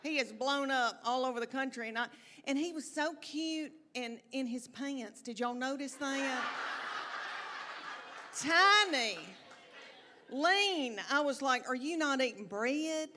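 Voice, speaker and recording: A woman's voice: high voice, takes it slowly, long pauses, bright, forceful tone, a little hiss or hum. A middle-aged woman, telling chatty, folksy stories in a stand-up comedy routine. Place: comedy stage before a live audience.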